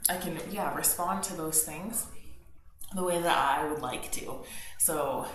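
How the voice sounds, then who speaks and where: Yoga teacher in an echoey room. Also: female voice, deep voice, normal speed. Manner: gentle, encouraging, conversational. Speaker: yoga instructor. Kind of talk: guided yoga class instruction. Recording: very echoey room with faint noise. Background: faint background noise.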